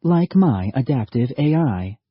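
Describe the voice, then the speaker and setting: A man voicing a blunt artificial young woman soldier who speaks in flat, precise statements. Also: mid-range voice, a little slow, breathy edge, no echo, highs cut off, voice pushed up. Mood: clipped, flat. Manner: flat, precise, matter-of-fact.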